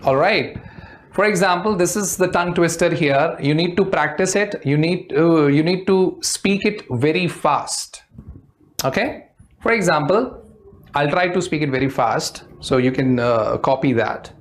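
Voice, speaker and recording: A man teaching a live online English class. He explains quickly in Hindi, switches to slower, careful English, and drills tongue twisters with his students. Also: fairly high pitch.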